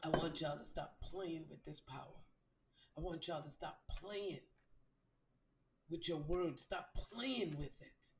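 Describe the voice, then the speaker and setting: A woman hosting a live stream as a spiritual reader delivers a blunt, profane motivational talk, repeating phrases for emphasis. Her voice sits low and she speaks slowly over a noisy background, with a roomy echo on the recording.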